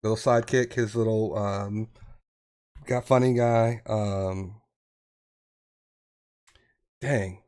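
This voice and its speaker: A man's voice: on the low side, fairly even intonation, slow pace, long pauses, darkish tone. Rambling Southern man hosting a chat. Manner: rambling, searches for words. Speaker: podcast host. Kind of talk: casual chat.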